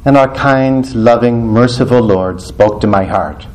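A man's voice: mid-range voice, a little slow, few pauses, darkish tone. A male priest preaching in a church, telling stories animatedly, often laughing and acting out the dialogue. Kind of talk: storytelling sermon.

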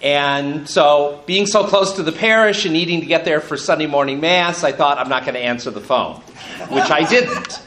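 A man's voice: a little high, fairly bright tone, slight background noise. A bishop in his fifties telling a personal story to an audience, good-humored and chuckling as he goes. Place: room with an audience. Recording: roomy hall echo.

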